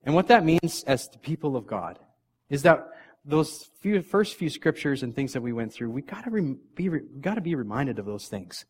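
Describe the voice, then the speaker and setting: A man preaching a casual, conversational sermon as a father of three young kids. He laughs often at himself and restarts his sentences, and his volume swings from quiet asides to punchy emphasis. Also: medium pitch, big pitch swings, normal speed, husky. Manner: chatty and self-deprecating, laughs often; frequent restarts, loudness swings from soft to punchy. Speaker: pastor.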